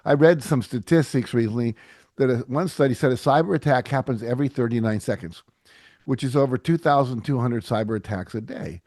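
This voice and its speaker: Middle-aged male guest, lively storyteller, dry close sound. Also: medium pitch, brisk, dry recording. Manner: animated storyteller, acts out quotes. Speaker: podcast guest. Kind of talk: casual interview chat.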